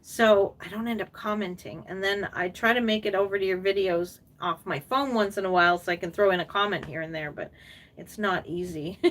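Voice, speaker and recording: An older woman chats her way through a live stream, rambling warmly between fillers and little laughs as she answers viewer comments. Now and then she slips into soft, cooing baby talk. Her middle-pitched voice sits a little back from the microphone. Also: fairly quick, recorded from a distance. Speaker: reborn doll artist and collector hosting a live stream.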